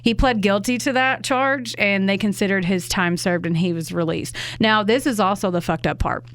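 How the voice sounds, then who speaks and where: A woman's voice: medium pitch, normal speed, fairly bright tone, dry recording. A woman, co-hosting a true crime podcast and recounting a case in a casual, conversational way, with indignant, swearing asides. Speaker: podcast co-host telling a true crime story.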